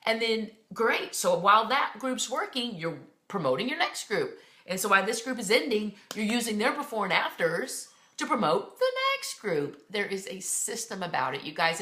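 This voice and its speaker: A woman's voice: mid-range voice, bright, forceful tone, roomy sound. A woman in her thirties, a fitness coach leading her team, giving a fervent, blunt motivational pep talk on a team call.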